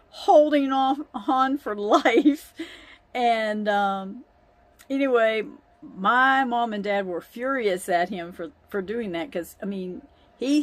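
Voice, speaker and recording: A woman's voice: a little high, dry recording. A woman telling a family story in a chatty way, often breaking into laughter. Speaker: vlogger. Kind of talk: casual storytelling.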